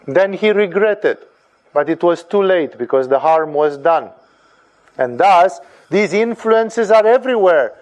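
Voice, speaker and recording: A man giving a deliberate, emphatic sermon-like commentary on scripture, often repeating phrases. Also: high-pitched, a little mellow. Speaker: spiritual teacher.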